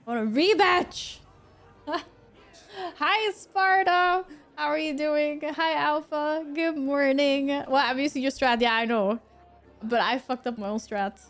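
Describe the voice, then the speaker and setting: A woman streaming a game, chatting casually with her viewers, laughing often and swearing now and then. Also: a little high. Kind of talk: casual gameplay commentary.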